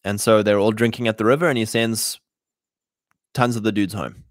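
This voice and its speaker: A man's voice: lowish voice, steady tone, normal speed, no echo, clean studio sound. A man hosting a casual, preaching talk to other men, blunt and exhorting, retelling old stories in everyday slang. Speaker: podcast host addressing men.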